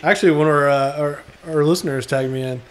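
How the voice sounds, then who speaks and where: A man's voice: fairly high pitch, steady tone, fast talker. A man co-hosting a podcast in casual chat, laughing and poking fun at himself. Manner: self-mocking, laughing. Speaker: podcast co-host.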